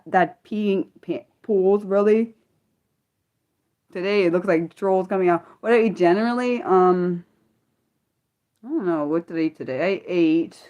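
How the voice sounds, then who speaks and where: A young woman from the United States talks to her livestream viewers in loose, unscripted chat. Her voice swings widely in pitch as she bursts into disbelief and then trips over her own restarts. She sounds animated and excitable throughout. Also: lo-fi sound. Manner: excitable, incredulous outbursts, stumbling restarts. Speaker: livestream host. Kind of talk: casual livestream chat reading viewer comments.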